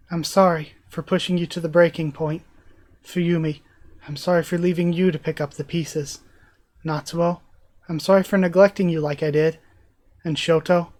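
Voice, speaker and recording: A man's voice: fairly high pitch, darkish tone, natural voice. A man reading aloud the lines of a remorseful middle-aged father, a hero, apologizing to his family.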